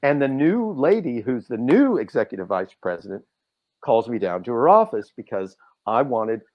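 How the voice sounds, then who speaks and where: A man telling stories as a podcast guest, animated and lively, throwing his voice up high when he acts out what people said. The sound is a little dull and lo-fi. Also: moderate pace. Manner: animated, acts out quotes with big swings in pitch. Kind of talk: casual storytelling.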